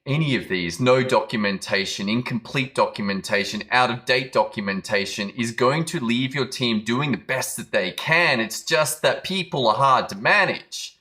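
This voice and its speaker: A man's voice: medium pitch, normal speed, few pauses, pushed and bright. A man giving a motivational business talk, telling a dramatic story and acting out quoted lines. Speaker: business coach.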